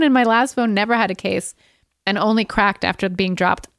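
A woman's voice: medium pitch, normal speed, no echo, studio quality. A woman co-hosting a podcast, telling a rambling story in casual chat and laughing often along the way. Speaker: podcast co-host.

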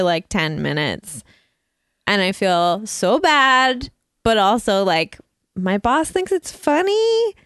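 A woman's voice: on the high side, big pitch swings, unhurried, a bit bright, smooth. A woman hosting a podcast, telling a story in a chatty, self-mocking way and laughing often. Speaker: podcast host. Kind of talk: casual chat.

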